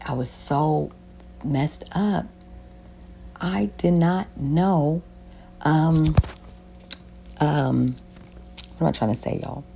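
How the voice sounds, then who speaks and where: A young adult woman from the Southern United States vlogs candidly about her own life as a self-help vlogger, rambling and swearing freely in casual storytelling. Her voice is extremely low with vocal fry and a dark tone, over slight background noise.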